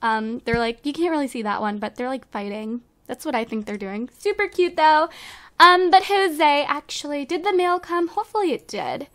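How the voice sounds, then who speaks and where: A woman's voice: high voice, expressive, moderate pace, fairly bright tone. A woman casually commenting as she plays a life-sim game, bubbly and giggly as she gushes over how cute things are. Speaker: let's play host.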